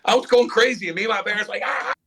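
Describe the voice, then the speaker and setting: Bright-voiced man telling animated stories. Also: high voice, rapid-fire, a little hiss or hum. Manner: animated storyteller, acts out quotes, swears freely. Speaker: former pro hockey player, guest. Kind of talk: casual storytelling in a podcast chat.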